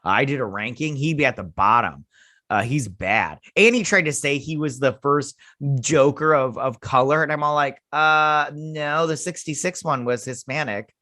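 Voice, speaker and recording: A man's voice: mid-range voice, moderate pace, sharp tone, no room sound, studio quality. A man hosting a casual review of a TV episode, ranting sarcastically and swearing. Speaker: host.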